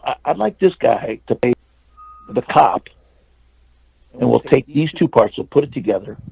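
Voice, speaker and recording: Man in his 60s, from California, husky dark voice, storytelling guest, acts out dialogue. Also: medium pitch, rough recording. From California, USA. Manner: acts out quoted dialogue, many fillers and restarts. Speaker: interview guest. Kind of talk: anecdotal storytelling in an interview.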